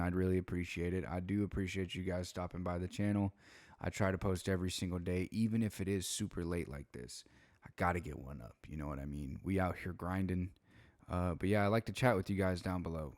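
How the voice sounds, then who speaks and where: A man's voice: low-pitched, darkish tone, no echo, clean studio sound. A young man talking through a late-night commentary video at home, laid-back and slangy, tired and yawning between points. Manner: laid-back, slangy, rambling with frequent fillers. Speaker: commentary YouTuber.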